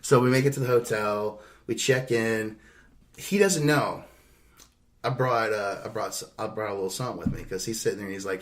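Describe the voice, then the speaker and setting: A man's voice: on the low side, steady tone, a little fast. Profane rambling storyteller, casual man. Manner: rambling, profane, laughs through his anecdotes. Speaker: podcast host.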